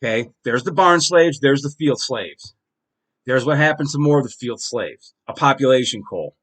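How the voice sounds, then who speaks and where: A man's voice: mid-range voice, animated, normal speed, a bit bright. A man hosting his own podcast, delivering a heated, profane solo monologue with strong emphasis. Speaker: podcast host.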